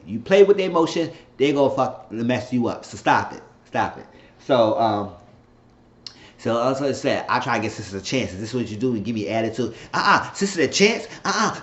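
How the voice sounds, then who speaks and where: Man, casual TV recap host, acts out the lines, roomy echo, dull lo-fi sound. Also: medium pitch. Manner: animated retelling, acts out characters' lines. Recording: echoey room, dull lo-fi sound.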